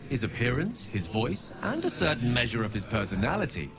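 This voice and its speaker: An actor playing a formal, courtly projection of a wizard, speaking as an emissary in a video game. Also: male voice, medium pitch, wildly swooping pitch, fairly quick, gravelly. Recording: game audio with loud music behind.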